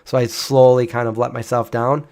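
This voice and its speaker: Guy in his 40s rambling through a story, mid pitch, lots of um and restarts. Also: little pitch movement, moderate pace, darkish tone. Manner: rambling, with frequent restarts and fillers. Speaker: channel host. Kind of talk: casual storytelling.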